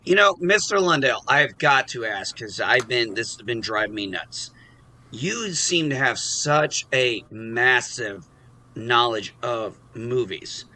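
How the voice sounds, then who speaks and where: Bright-voiced swearing male host. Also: medium pitch, expressive, takes it slowly. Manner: swears freely, rambling, self-deprecating. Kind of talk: casual chat.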